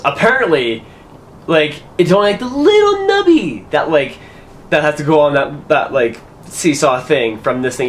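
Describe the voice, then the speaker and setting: A man's voice: on the high side, slight background noise. A young man giving casual let's-play commentary, muttering to himself and swearing often in frustration. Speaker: gaming commentator.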